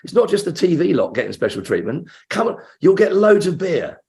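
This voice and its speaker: A man acting out an excited male friend who urges him over the phone, high and eager. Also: brisk, gravelly.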